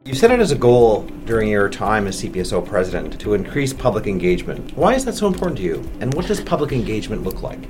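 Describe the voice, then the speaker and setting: A man's voice: lowish voice, very animated, quick pace, few pauses, over music. A man conducting an interview, asking formal, prepared questions.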